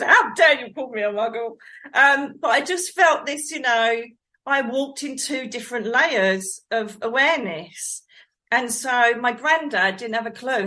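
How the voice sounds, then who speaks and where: A middle-aged woman from England, a psychic medium guest telling her life story in a rambling, animated way, laughing often. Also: medium pitch. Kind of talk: conversational storytelling.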